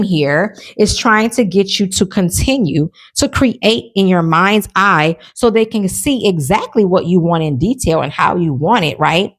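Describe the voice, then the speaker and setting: A woman from New Orleans gives a laid-back tarot reading to her followers from home. Her voice sits on the lower side, and she talks in a warm-hearted, encouraging stream. She keeps tagging "right?" onto her points and breaks into laughter often. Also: unhurried, few pauses. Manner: chatty and encouraging, tags lines with "okay?" and "right?"; animated, with frequent laughter. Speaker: tarot reader. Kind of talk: casual tarot reading to viewers.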